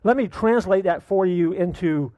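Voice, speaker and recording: A man's voice: sits high, normal speed, dark tone, no echo. A middle-aged male pastor preaching a sermon, emphatic, repeating key lines for weight.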